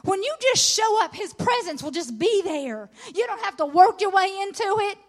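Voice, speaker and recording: This middle-aged woman, very high-pitched and speaking at a moderate pace, is preaching a sermon at a women's conference. She's earnest and encouraging, and her emphasis turns excited when she reads scripture.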